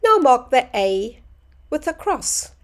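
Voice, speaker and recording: A woman teaching a phonics lesson to young children, sounding out words slowly and clearly. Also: high-pitched, big pitch swings.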